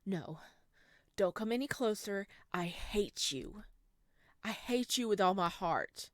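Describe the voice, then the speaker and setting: A woman's voice: mid-range voice, expressive, slow pace, a little mellow, dry recording, studio quality. A woman voicing a troubled young man who pleads in a shaken, anxious way, reading a visual novel aloud. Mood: tormented.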